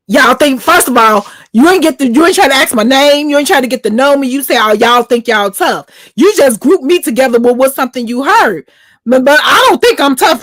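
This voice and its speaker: A woman's voice: sits high, fairly bright tone, dry recording. A woman with a Chicago accent, bluntly telling a jail story in casual stream chat, swearing freely.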